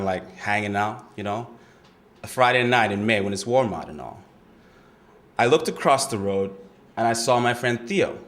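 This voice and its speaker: A man's voice: fairly low pitch, fairly bright tone, lightly acted. An actor playing a young streetwise man testifying at a murder trial, in a rambling, defensive, slangy way. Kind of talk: audition monologue.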